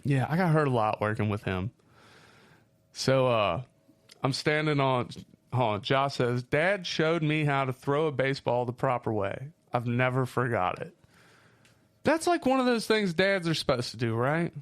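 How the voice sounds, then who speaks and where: A man with a Midwestern accent chatting on a podcast, swearing easily as he tells stories. His voice sits at an ordinary middle pitch, and he talks loosely and casually. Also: normal speed, smooth. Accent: Midwestern American. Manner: swearing storyteller, lively. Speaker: podcast co-host. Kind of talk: casual chat.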